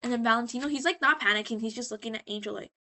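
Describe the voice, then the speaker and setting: A tipsy woman vlogger rambles through a casual story recap. She restarts and trails off often. Her voice is bright, sharp and fairly high. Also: very fast. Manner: rambling, animated, loses her place.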